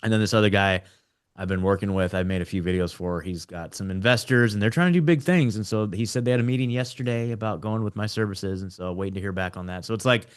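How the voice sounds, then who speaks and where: A man's voice: fairly low pitch, fast, clear, resonant tone. Rambling casual man hosting a chat. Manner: rambling, laughing, restarts a lot; says like and dude often. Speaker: podcast host.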